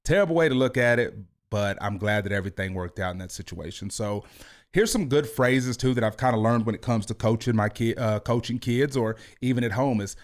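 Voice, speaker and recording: Energetic man coaching on a podcast. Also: fairly quick. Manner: high-energy, animated hands talker. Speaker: youth football coach and podcast host. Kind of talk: motivational podcast talk. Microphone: video podcast mic.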